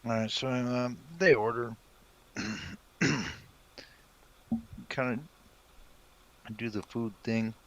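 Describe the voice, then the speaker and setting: A man at a tabletop game talks through his character's moves in a relaxed, casual way. His voice sits at an ordinary middle pitch. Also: very slow, pauses often, muffled recording. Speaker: player.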